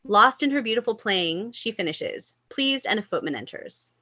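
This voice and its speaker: A woman reading stage directions at a table read, expressive with amused asides. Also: fairly high pitch, normal speed, no echo. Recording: dull lo-fi sound.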